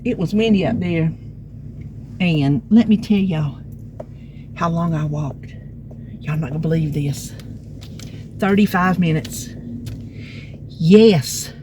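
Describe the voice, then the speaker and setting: A woman's voice: low-pitched, a little slow, pauses often. A woman from North Carolina with a Southern accent, chatting folksily to viewers as she gives a walking tour of her town, filmed outdoors on her phone. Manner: chatty, folksy, rambling, talks to viewers as y'all. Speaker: vlogger. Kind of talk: casual walking tour chat. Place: outdoors on town streets, windy. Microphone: handheld phone. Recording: loud street and traffic noise. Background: cars and city traffic.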